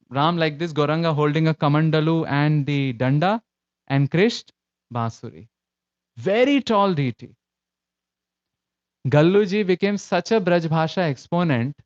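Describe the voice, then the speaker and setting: A man's voice: a little high, darkish tone, no room sound, muffled recording. A man with an Indian English accent giving a storytelling sermon, acting out quoted voices as he goes. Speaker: lecturer in a devotional class.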